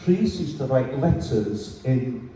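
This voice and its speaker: Welsh guy spinning stories on stage, real dark mellow voice, big echoey room. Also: mid-range voice, slow pace, distant mic, a little hiss or hum. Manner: lively anecdotal storyteller. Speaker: festival speaker. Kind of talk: storytelling at a literary event.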